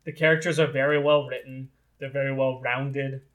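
A man's voice: mid-range voice, level tone, moderate pace, narrow, tinny audio. A young man hosting a casual podcast, rambling and upbeat with lots of fillers. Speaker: podcast host.

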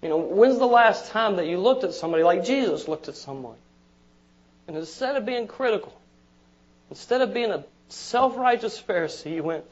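A man's voice: high-pitched, expressive, moderate pace. A man preaching a sermon as pastor, conversational, repeating words and asking the congregation "amen?". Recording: dull lo-fi sermon recording.

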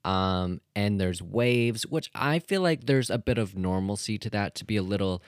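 Male solo podcaster, casual rambling chat, lowish voice, dry close mic. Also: expressive, moderate pace, no echo. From Canada. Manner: rambling and self-deprecating, many ums and restarts. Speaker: podcast host.

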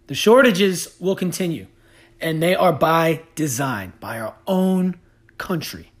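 A man's voice: fairly high pitch, big pitch swings, takes it slowly, pauses often. Male podcast host; angry, sarcastic rant peppered with swearing. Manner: heated, profane, sarcastic. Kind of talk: ranting podcast monologue.

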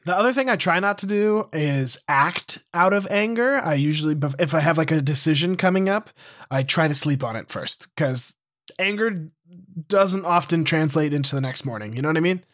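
A man's voice: a little high, expressive, moderate pace, a bit bright. A young man in casual podcast chat, rambling and restarting as he talks. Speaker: podcast co-host, preschool teacher.

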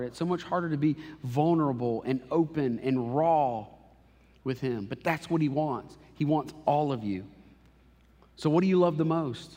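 A man's voice: a little high, darkish tone. A man in his thirties, a pastor, preaching a conversational and emotional sermon in a church auditorium. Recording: reverberant hall.

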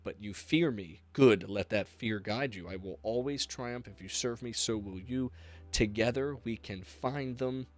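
A man reading as a menacing armored dark lord. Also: medium pitch, unhurried, soft background music, natural voice. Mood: commanding. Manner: reading quoted lines from a comic aloud.

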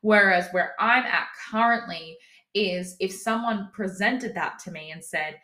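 A woman's voice: mid-range voice, measured pace, sharp tone. A woman coach talking through her own views in a casual solo podcast, candid and cheeky, laughing now and then and swearing for emphasis. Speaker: business coach and podcast host.

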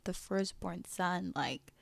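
A woman's voice: lowish voice, slow, creaky, no echo. A woman hosting a faith podcast, talking candidly and emphatically in a casual way, peppered with "like". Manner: candid, emphatic, heavy use of "like". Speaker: podcast host.

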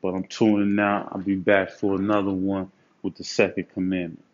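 A man's voice: sits low, moderate pace. A man giving street advice in a casual storytelling monologue, full of slang and "you know what I'm saying". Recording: muffled lo-fi recording with steady noise.

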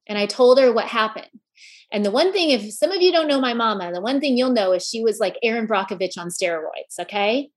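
Woman from Kansas, motivational speaker, breathy higher voice, fervent and story-driven. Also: fairly quick. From Kansas, USA. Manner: impassioned, repetitive rallying phrases; personal storytelling with fillers. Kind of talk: motivational speech to a live audience.

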